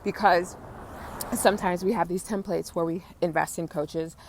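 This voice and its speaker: A young adult woman with a slightly low voice hosts a spiritual coaching podcast, talking in an effusive, motivational, freewheeling way. She swears casually and stays chatty. She records while walking outdoors through a neighborhood. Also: steady tone, normal speed. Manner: effusive, swears casually, coos high at cats.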